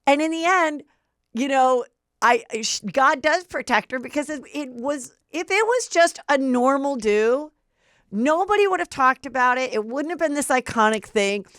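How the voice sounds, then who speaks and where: A woman podcast host tells stories in an eager, chatty rush. Her voice sits slightly high and sounds dry on a close studio mic. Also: expressive, normal speed, a bit bright, no echo. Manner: chatty, enthusiastic storytelling. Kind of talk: casual podcast chat.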